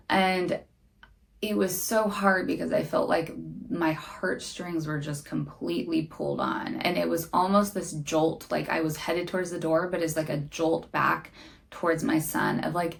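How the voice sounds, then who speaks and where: A young woman hosting a podcast reflects earnestly and openly on her own struggles in a monologue. Her voice is low, gravelly, and level, at a normal speed.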